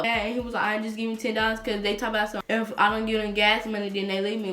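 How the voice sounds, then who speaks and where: A teenage girl telling a storytime vlog in a blunt, profane, fast-talking way. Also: medium pitch, level tone, pushed and bright, echoey room. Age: teens. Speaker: vlogger. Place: bedroom at home.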